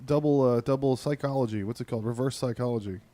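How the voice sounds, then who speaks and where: A man hosting a casual comedy chat while streaming a game, crude and deadpan. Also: medium pitch, fast talker, over a noisy crowd.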